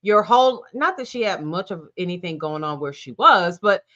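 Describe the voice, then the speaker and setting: A woman's voice: lowish voice, big pitch swings, moderate pace, pushed and bright, highs cut off. A woman guesting on a podcast, giving blunt, outspoken opinions in casual chat and swearing freely. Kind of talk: casual chat about a reality show.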